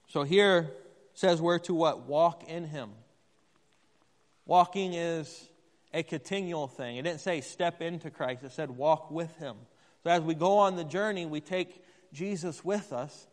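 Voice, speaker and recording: Conversational male preacher with a high voice, recorded with long hall reverb in a church. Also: unhurried. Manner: conversational, asks the congregation questions. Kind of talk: sermon.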